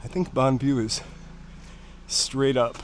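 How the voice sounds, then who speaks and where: A man's voice: medium pitch, slow pace, slight background noise. A man narrating casually while walking outdoors up hillside stairs, a bit out of breath from the climb. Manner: chatty, slightly out of breath from climbing. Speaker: vlogger.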